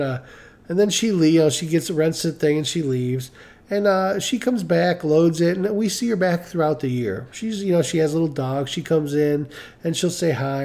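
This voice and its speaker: A middle-aged man hosts a live stream, telling a personal story in a loose, rambling way. His voice is warm and mellow, and he often repeats himself. He briefly mimics the people he quotes. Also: on the high side. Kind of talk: casual storytelling.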